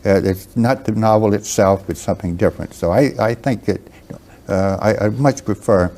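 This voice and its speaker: A man in his seventies with a Southern American accent, a guest writer speaking slowly and haltingly in an interview, with many pauses and restarts. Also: fairly low pitch, warm tone. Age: 70s.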